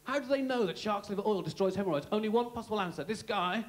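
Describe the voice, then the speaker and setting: A man in his thirties doing a live stand-up comedy routine with deadpan, quick absurd asides. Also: high-pitched. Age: 30s. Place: comedy stage before a live audience.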